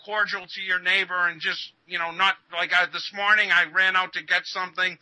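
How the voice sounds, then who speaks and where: A man's voice: high-pitched, little pitch movement, brisk, sharp tone, no echo, rough recording. A male guest in a casual interview, talking earnestly and preachily, stammering and repeating words.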